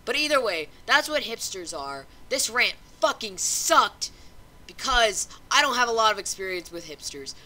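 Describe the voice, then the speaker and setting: A young woman ranting casually on her own vlog, swearing constantly and getting louder and higher as she gets worked up. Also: big pitch swings, moderate pace. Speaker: vlogger. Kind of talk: casual profane rant.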